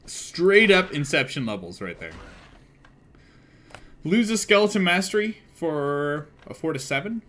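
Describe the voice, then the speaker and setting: A young man streaming a game live and chatting casually, excitable and swearing freely as he thinks aloud. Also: a little high, measured pace.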